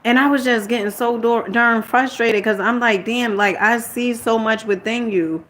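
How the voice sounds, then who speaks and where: Exasperated middle-aged mom vlogging. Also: female voice, on the high side, steady tone, normal speed, noisy background. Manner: rambling and candid, retells arguments and quotes herself; exasperated motherly lecturing tone. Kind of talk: casual personal storytelling.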